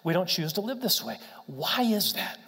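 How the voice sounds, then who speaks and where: A man's voice: sits high, big pitch swings, normal speed, sharp tone, long reverb tail. A man preaching a sermon in an earnest way, asking rhetorical questions and often restarting his words. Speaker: pastor.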